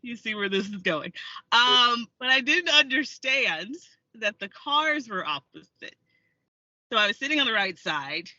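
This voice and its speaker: Slightly high and expressive, this woman's voice is bright and forceful, and she speaks a little slowly. She's an American actor and filmmaker sharing stories with frequent laughter as a casual interview guest, heard in a dry, lo-fi recording.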